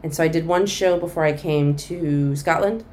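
In a conversational interview, a middle-aged woman comedian tells a long story, animated and performing the voices of the people she quotes. Her voice is low and her pace moderate, with a little hiss or hum in the background.

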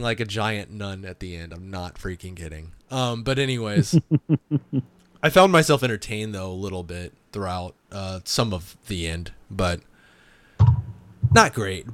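A man co-hosting a podcast in casual chat, animated and laughing, with a heavy use of "like". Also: fairly low pitch, dry recording. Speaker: podcast co-host.

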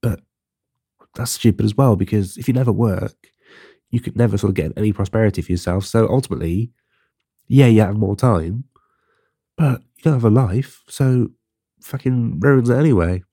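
A man's voice: on the low side, moderate pace, long pauses, dark tone, slightly rough, dry recording, studio quality. A young man hosting his own podcast, rambling casually and swearing. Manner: chatty and swearing, with rambling asides. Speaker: podcast host. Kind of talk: casual solo podcast monologue.

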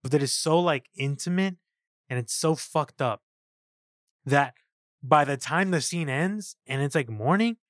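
A man co-hosting a casual film review podcast, excited and profane, acting out lines from scenes. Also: on the high side, measured pace, no echo, studio quality. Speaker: podcast co-host.

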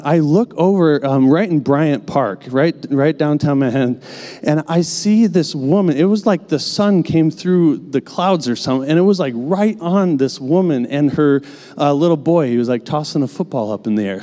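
Man, sermon storytelling, casual and filler-heavy, mellow dark voice, long hall reverb. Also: a little high.

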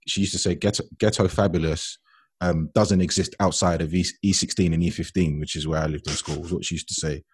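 A man's voice: sits low, husky, no echo, clean studio sound. A man with a London accent, telling stories in a casual chat and acting out the voices in them. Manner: animated storyteller, acts out voices in his anecdotes.

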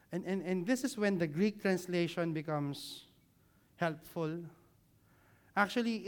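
A man preaching a sermon with slides, dropping his voice low for emphasis and leading the congregation to repeat words after him. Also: smooth. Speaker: pastor.

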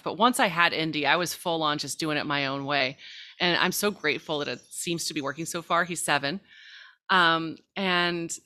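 A woman, a mother, talking casually and reflectively about raising her young son, growing animated as she retells moments with him. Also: sits low. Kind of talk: casual podcast conversation.

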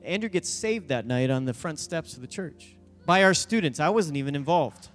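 A high-pitched man tells a story from the pulpit as a youth pastor, bringing each person in it to life. His voice carries a long reverb from a large church hall, and soft instrumental music plays underneath. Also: moderate pace. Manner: animated storyteller, acting out voices in quotes. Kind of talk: sermon storytelling.

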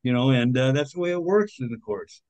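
A man who is an author and activist appears as a podcast guest in a conversational interview, speaking earnestly with some indignation and many fillers. His voice is medium-pitched, brisk, and a little mellow, in a rough recording with no room sound.

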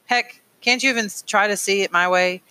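A man reading an audiobook, voicing a steady, principled middle-aged father who speaks earnestly and firmly. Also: sits high, fairly quick, smooth, voice pushed up. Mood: pleading. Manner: earnest, pleading, firm.

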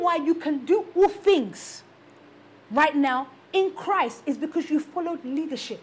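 A woman's voice: sits high, lively intonation, a little slow. A woman preaching a sermon to her congregation, speaking emphatically and repeating her rhetorical questions to drive each point home.

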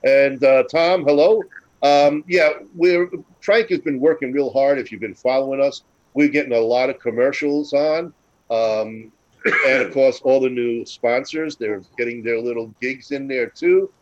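A man's voice: mid-range voice, a little slow, highs cut off. A man hosting a podcast, introducing guests in an easygoing way. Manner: easygoing, laughs between lines. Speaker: podcast host. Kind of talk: casual podcast chat.

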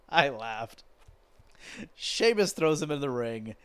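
A man's voice: on the high side, slow, smooth, no echo. A man hosting a podcast, recapping a wrestling show as a profane, exasperated rant told like a story. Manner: exasperated, sweary, animated storytelling. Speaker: podcast host.

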